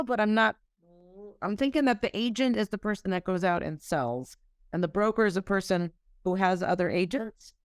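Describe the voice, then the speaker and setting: A woman hosting an interview podcast, measured and asking clarifying questions. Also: medium pitch, no room sound, clean studio sound. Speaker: podcast host.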